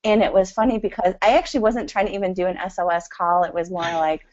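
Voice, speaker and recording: A woman's voice: medium pitch, steady tone, fast, darkish tone, dull audio. A woman talking as a podcast guest in a casual, rambling way, with frequent "you know" fillers and easy laughter. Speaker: interview guest. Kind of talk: casual conversational interview.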